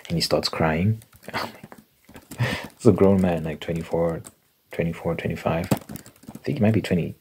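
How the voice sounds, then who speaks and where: Young dude, super deep soft asmr voice, rambling casual story, typing clicks loud in the back. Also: male voice, normal speed, pauses often, background noise. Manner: casual, rambling gossip with fillers and laughs. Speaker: ASMR creator. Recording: keyboard clicking and typing sounds behind.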